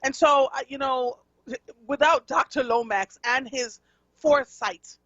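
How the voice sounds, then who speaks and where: A woman's voice: sits high, unhurried, a bit bright, no room sound. A Jamaican woman talks to her listeners on live radio in an earnest, conversational way, with plenty of fillers along the way. The sound is dry and a little dull, like a studio microphone feed. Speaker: radio talk show host. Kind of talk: radio talk show monologue.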